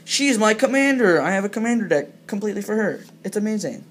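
A young adult chatting casually while opening card packs, reading card names aloud, with sudden bursts of excitement. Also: medium pitch, fast talker, husky. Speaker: card pack-opening vlogger. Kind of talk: casual pack-opening commentary.

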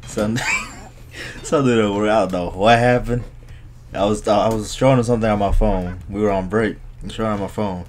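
A man co-hosting a casual podcast, telling animated workplace stories with bursts of laughter. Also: on the low side, brisk, slight background noise. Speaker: podcast co-host. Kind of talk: casual chat. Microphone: podcast microphone.

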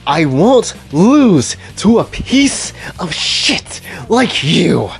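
A man's voice: medium pitch, expressive, a little slow, faint music behind. A man voicing an arrogant, boastful young anime rival who sneers and threatens. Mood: arrogant, threatening.

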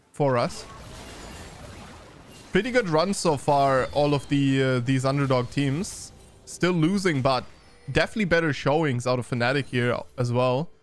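A man giving casual esports review commentary, loose and chatty with many fillers and restarts, turning brisk for play-by-play. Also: mid-range voice, soft background music. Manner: turns brisk during play-by-play.

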